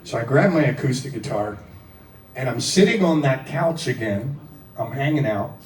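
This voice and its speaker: A man's voice: mid-range voice, normal speed, a little hiss or hum. Man from Philadelphia, rock singer, casual anecdote, profane, self-deprecating, echoey room, distant mic. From Philadelphia, USA. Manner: animated, profane, self-deprecating, acts out quotes. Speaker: rock singer telling a story. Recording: roomy echo, distant mic, faint music.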